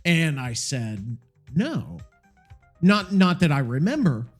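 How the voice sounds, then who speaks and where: A man's voice: on the high side, slow, faint music behind. A man hosting a solo podcast, rambling and swearing a lot, sounding tired. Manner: profane, rambling, animated. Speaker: podcast host. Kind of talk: casual solo podcast rant.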